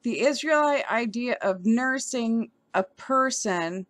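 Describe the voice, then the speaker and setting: A woman's voice: fairly high pitch, expressive, slow, no room sound. A woman vlogger giving heated commentary as she reads an article aloud, often stumbling over her words.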